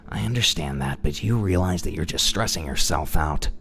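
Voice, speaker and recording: A man reading as a weary, very deep-voiced young boyfriend. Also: lively intonation, normal speed, gravelly, a bit bright, heavily acted. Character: weary young man answering a clingy partner. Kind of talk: comedic dramatic reading.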